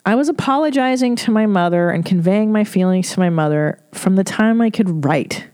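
A woman's voice: mid-range voice, normal speed, darkish tone, clear, resonant tone, no echo, studio quality. Frank, profane middle-aged woman host. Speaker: podcast host answering listener letters. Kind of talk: candid advice chat.

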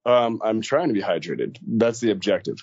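A man guest-hosting a podcast, talking in a dry, deadpan, teasing way. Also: on the low side, normal speed, slightly rough, no echo, highs cut off. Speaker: guest co-host. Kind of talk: casual chat.

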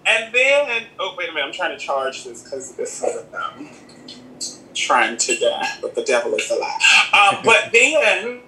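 A man speaking as an interview guest in a casual, sassy, animated chat, calling the listener "girl". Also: high voice, measured pace, slight background noise. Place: home in Los Angeles. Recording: echoey room, distant from the mic.

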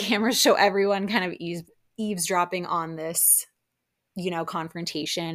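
Chatty woman podcast host. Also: mid-range voice. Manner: chatty and animated, lots of "like" and laughs. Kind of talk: casual reality TV recap chat.

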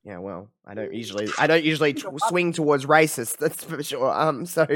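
A man's voice: fairly high pitch, expressive, fairly quick, a bit bright, a little hiss or hum. A man in his twenties with an Australian accent, co-hosting a casual chat over a video call and hesitating with plenty of fillers. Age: 20s. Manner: hesitant, rambling, filler-heavy. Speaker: podcast co-host.

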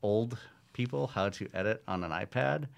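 A middle-aged man, a comedy writer, chatting in an interview in a relaxed way, laughing easily. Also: lowish voice, moderate pace, gravelly. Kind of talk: casual interview chat.

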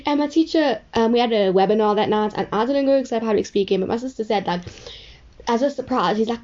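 Girl rambling thru a story, says like a lot, warm low-key tone, kinda muffled audio. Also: fast talker. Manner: rambling, chatty, heavy use of "like". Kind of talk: casual storytelling.

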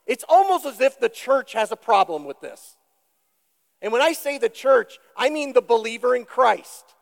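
A male pastor preaches slowly in a high, gravelly voice with big pitch swings, deliberate and emphatic, posing questions to the congregation. The long reverb of a church sanctuary surrounds his sermon.

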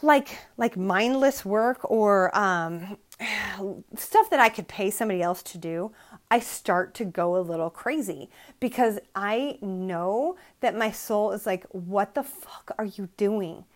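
A woman's voice: mid-range voice, slow. A middle-aged woman hosting a solo motivational podcast from her bedroom, preaching with emphatic repetition and sounding emotionally drained. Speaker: podcast host.

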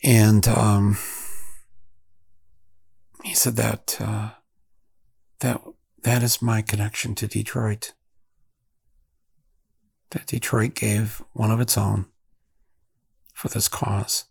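A man hosts a podcast, telling a story in a reflective, halting manner full of restarts. His voice is low, very husky and gravelly. The sound is dry and close, with no room around it. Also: level tone, a little mellow, dry recording. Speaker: podcast host. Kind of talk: storytelling monologue.

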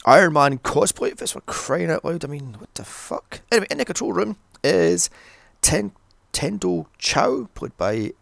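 A man's voice: medium pitch, gravelly, a bit bright, dry recording. A man recapping a film in a sarcastic, exasperated rant, swearing constantly. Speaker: film reviewer. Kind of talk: profane ranting film recap.

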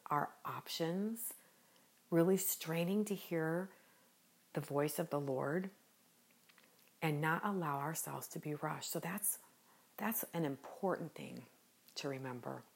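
A woman with a low voice hosts a devotional podcast. She talks slowly and gently with an earnest warmth, and a smile can be heard in her voice. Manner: gentle, unhurried and earnest, smiling as she speaks. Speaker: podcast host.

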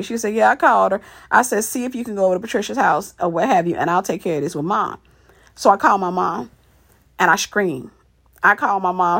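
Woman w/ a breathy higher voice telling a family story, keeps going "i said". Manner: emotional, acts out quoted family dialogue; repeats "I said" often. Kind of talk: personal story told to camera.

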